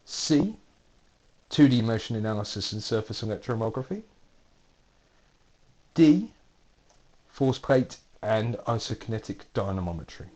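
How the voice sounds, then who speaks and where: A man's voice: fairly low pitch, animated, unhurried, long pauses, mellow. A man, a university lecturer, reading out multiple-choice quiz questions with playful dry asides.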